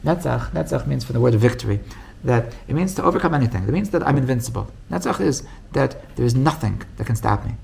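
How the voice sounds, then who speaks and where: A man teaching as a rabbi, telling a story with lively acted-out quotes and frequent restarts. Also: fast talker, creaky, hardly any pauses, slight background noise. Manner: animated storytelling, acts out quoted voices with big pitch jumps; many restarts and repeated words. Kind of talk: storytelling Torah class.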